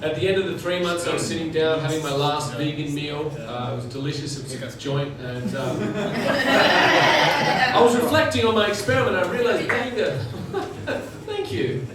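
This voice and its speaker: High-voiced male comic with a deadpan delivery. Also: normal speed. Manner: deadpan joke delivery, chatting with the front row. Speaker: stand-up comedian. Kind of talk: stand-up set. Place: comedy bar venue, indoors. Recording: echoey, distant, noisy room recording.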